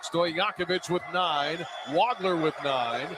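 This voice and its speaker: A man announcing a basketball game play-by-play, quick and rising to excitement on big plays. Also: fairly high pitch, noisy background. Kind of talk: radio-style basketball play-by-play. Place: arena broadcast position.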